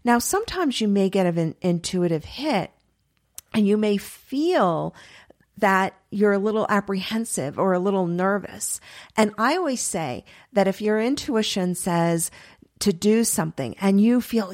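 A middle-aged woman giving a chatty, earnest spiritual talk, laughing often and voicing her inner thoughts in quick asides. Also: mid-range voice, animated, a little mellow. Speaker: spiritual teacher. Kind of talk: spiritual teaching monologue.

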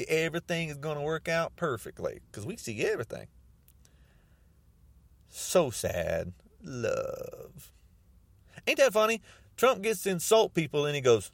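Animated ranting man, mocking and repetitive. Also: a little high, a little slow, gravelly, pauses often, no echo. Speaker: podcaster. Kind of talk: political rant monologue.

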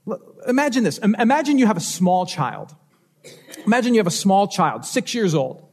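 A man's voice: high-pitched, big pitch swings, a little fast, a little mellow, breathy edge. A man preaching a sermon as pastor, telling stories and asking rhetorical questions with changing emphasis.

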